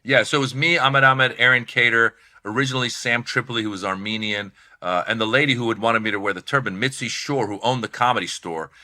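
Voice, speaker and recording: Bright-voiced storytelling man. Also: mid-range voice, fast, few pauses. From Iran. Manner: animated, acts out voices in anecdotes. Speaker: comedian guest. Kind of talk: casual storytelling chat.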